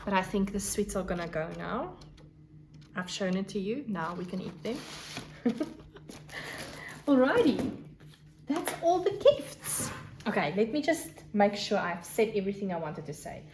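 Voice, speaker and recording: A woman hosting a casual crafting podcast, gushing over her things and sometimes dropping to a soft whisper. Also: medium pitch, big pitch swings, a little slow, pauses often, background noise. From South Africa. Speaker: podcast host. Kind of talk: casual show-and-tell chat.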